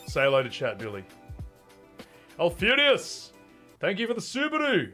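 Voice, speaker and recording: A man's voice: high-pitched, huge pitch swings, moderate pace, pauses often, music in the background. A man in his thirties chatting casually and animatedly on a live game stream, laughing often. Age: 30s.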